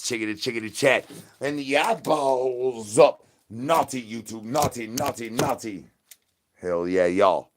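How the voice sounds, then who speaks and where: A man hosts a comic livestream in character as a zombie. He bounces through sing-song rhyming nonsense words and crude, boastful chatter. He keeps begging loudly for brains. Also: medium pitch, unhurried, a little hiss or hum. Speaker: livestream host in a zombie persona.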